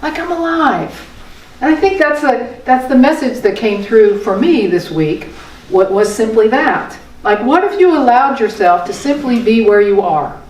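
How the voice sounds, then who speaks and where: A woman's voice: a little high, lively intonation, normal speed, a little mellow. An older woman giving a folksy, conversational spiritual talk. She repeats phrases and asks her listeners rhetorical questions. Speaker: spiritual teacher. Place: meeting room of a spiritual center. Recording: echoey room, voice from a distant mic.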